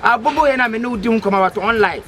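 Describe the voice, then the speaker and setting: A man's voice: very high-pitched, rapid-fire, noisy background. A Ghanaian man with a Twi accent in a comedy skit, pleading and stammering with many repetitions. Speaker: comedy skit actor, fake motor rider.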